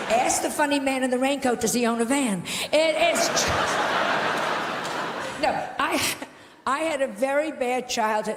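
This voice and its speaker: A woman's voice: fairly high pitch, a little hiss or hum. A woman doing brash, exaggerated stand-up comedy in a large theatre. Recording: echoey theatre with audience.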